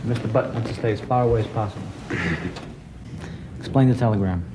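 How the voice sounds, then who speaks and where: An actor playing a weary career thief who talks in a dry, matter-of-fact way, in a film scene. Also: male voice, mid-range voice, fairly even intonation, brisk, heavy background noise, natural voice. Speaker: professional robber. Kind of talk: film dialogue.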